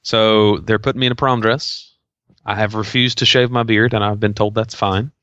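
A man's voice: fairly low pitch, fairly even intonation, normal speed, fairly bright tone, clear, resonant tone, no echo, dull audio. A man co-hosting a casual podcast, trading dry, joking banter. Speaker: podcast co-host.

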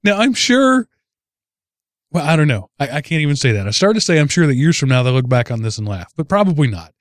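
Male podcast host, slightly high voice, dry close sound, amused storyteller who chuckles as he goes. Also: very animated, fast, no echo. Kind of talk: casual chat.

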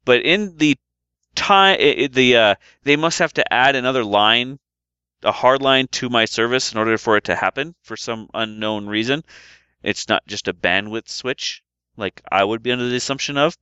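A man in casual chat on a remote call, animated as he tells a story. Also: on the low side, clear, resonant tone, dry recording. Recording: dull lo-fi call audio.

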